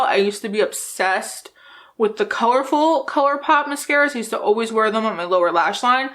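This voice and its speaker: A woman's voice: medium pitch, fairly bright tone. A woman beauty vlogger talking casually and sarcastically about makeup releases, often laughing. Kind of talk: casual chat.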